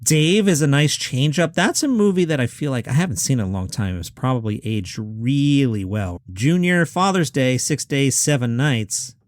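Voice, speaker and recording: With lively intonation at a medium pitch, a man in his fifties hosts a one-man podcast from his home. He chats his way through film lists, adding wry remarks. No room sound intrudes on the clean studio recording.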